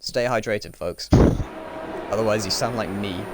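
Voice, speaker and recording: A man calls a sim race live, chatting and rambling through the grid and correcting himself as he goes. His voice is a little crackly and dry. Loud engine noise runs underneath. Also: fairly low pitch, measured pace. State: slightly crackly voice. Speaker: sim racing commentator.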